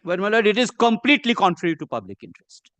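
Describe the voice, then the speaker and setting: High-voiced Indian English advocate in court. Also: male voice, sing-song, a bit bright, no room sound. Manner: measured and deferential, says "my lord" constantly. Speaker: advocate arguing before a judge. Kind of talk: formal courtroom argument.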